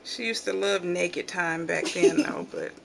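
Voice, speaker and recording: A middle-aged woman hosting a home channel, telling family stories in casual chat and acting out the quotes loudly. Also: fairly low pitch, a little slow, gravelly, slight background noise. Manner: animated storyteller, acts out quotes loudly. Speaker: channel host.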